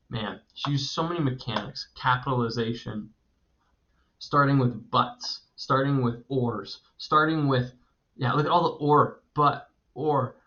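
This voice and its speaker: A man in his thirties gives a recorded creative writing lecture. He sounds eager and chatty, often breaking into laughter. His voice sits at a middle pitch, and the recording is dull and lo-fi. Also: fairly bright tone. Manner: enthusiastic, conversational, laughs often.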